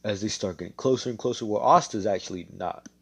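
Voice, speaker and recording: A man's voice: lowish voice, quick pace, gravelly, slightly rough. A man narrating an improvised fan story in a rambling, filler-heavy way.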